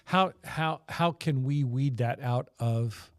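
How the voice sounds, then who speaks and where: Male host, mid pitch, hesitant questions, dry recording. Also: slow pace, no room sound. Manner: hesitant, searching for words. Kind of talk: interview questions.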